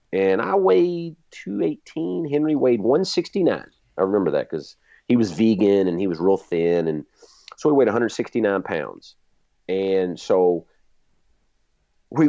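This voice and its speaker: A man's voice: medium pitch, sing-song, normal speed, creaky, dark tone, no room sound. A middle-aged man, a guest martial arts instructor, telling a vivid story and acting out his own reactions. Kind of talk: animated storytelling. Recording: dull, lo-fi dry sound.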